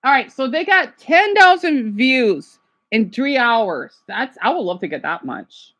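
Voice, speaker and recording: A woman ranting on a casual livestream. She is agitated, swinging between angry outbursts and hushed apologies. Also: on the high side, sing-song, measured pace.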